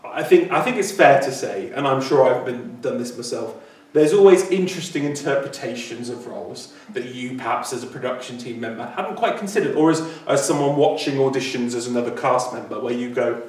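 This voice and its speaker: A man co-hosting a casual chat about theatre auditions, self-deprecating and quick to laugh. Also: medium pitch, darkish tone. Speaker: podcast co-host, theatre performer. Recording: echoey room, far from mic.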